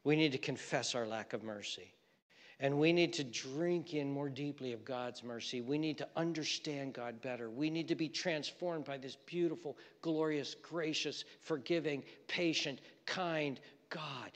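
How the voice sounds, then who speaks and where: A male pastor preaching a sermon, swelling into impassioned pleading and dropping into quiet prayer. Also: mid-range voice, unhurried, big-room sound.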